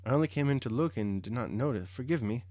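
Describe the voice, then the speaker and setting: A man voicing a gentle, anxious young mother and countess in a novel reading, speaking timidly and softly. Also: mid-range voice, expressive, fast talker, no echo, studio quality, lightly acted. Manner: timid, soft-spoken.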